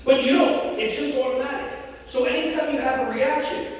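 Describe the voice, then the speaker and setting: A man giving a lively keynote talk to an audience, acting out quotes and putting questions to the crowd. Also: very high-pitched, a little fast. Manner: animated, acts out quotes and asks the crowd questions. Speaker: keynote speaker. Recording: echoey hall from far off.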